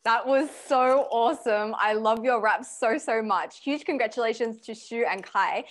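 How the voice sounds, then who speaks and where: A woman's voice: fairly high pitch, moderate pace. Woman hosting an online award ceremony. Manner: friendly, with filler words. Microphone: video call.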